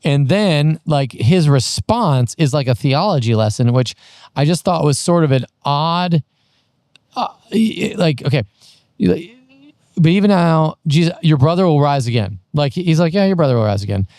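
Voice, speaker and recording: A man's voice: on the high side, expressive, normal speed, darkish tone, no room sound. A man co-hosting a casual Bible discussion podcast, enthusiastic and thinking aloud as he talks. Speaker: podcast co-host.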